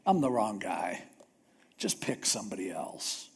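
A man's voice: fairly low pitch, big pitch swings, normal speed, creaky, warm tone, breathy edge, voice pushed down, heavily acted. A preacher doing a whiny, reluctant man. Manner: whiny, self-deprecating. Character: reluctant, pleading man who objects.

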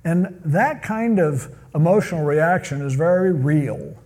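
Male pastor, sermon, conversational, husky, slightly high voice. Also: animated, measured pace, a little mellow. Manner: conversational, acts out quotes.

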